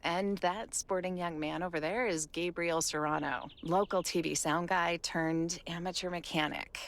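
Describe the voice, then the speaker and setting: A woman's voice: lowish voice, moderate pace, natural voice. A woman playing a wry, level-headed TV producer. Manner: wry, teasing, calm. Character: dry, practical female TV segment producer.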